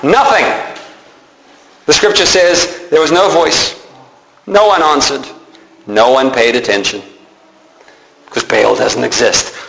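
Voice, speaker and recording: A man's voice: medium pitch, slow, gravelly, long pauses, roomy sound, rough recording. A man preaching a sermon, telling stories with animation and acting out the characters. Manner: animated storytelling, acts out characters.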